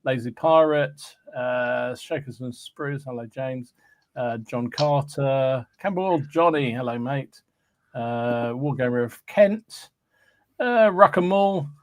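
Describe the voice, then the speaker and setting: A man's voice: mid-range voice, slow pace, no room sound. Chatty male podcast host, dry sound. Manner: chatty, laughs often, greets viewers by name. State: has a cold. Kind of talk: casual livestream chat.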